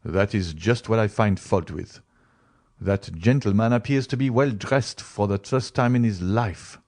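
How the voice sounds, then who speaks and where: A man voicing a fastidious young male aristocrat who speaks in a cutting, superior way, in an audiobook reading. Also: fairly low pitch, a little mellow. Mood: disdainful. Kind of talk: audiobook character voice.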